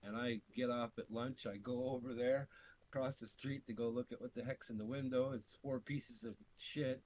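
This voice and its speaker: Profane, animated storytelling man. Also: medium pitch, low-quality recording. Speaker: podcast co-host. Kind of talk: casual storytelling chat. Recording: faint hiss.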